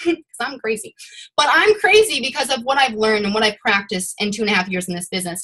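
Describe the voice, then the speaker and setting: A young woman leading her sales team over a video call, giving a rambling, animated motivational talk. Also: fairly high pitch. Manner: rambling and animated, admits to ranting.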